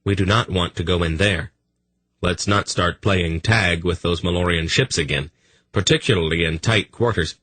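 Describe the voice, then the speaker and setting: A man's voice: sits low, moderate pace, bright, forceful tone, no room sound. A man voicing an earnest, firm young male leader in an audiobook, slightly raised voice. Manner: earnest, apologetic but firm.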